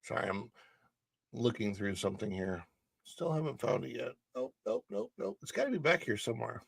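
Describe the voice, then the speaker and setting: A man's voice: medium pitch, expressive, brisk, gravelly, husky, no room sound. A man hosting a casual livestream show from a home studio, chatting loosely and answering viewers in the chat. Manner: chatty, rambling, reads the chat aloud.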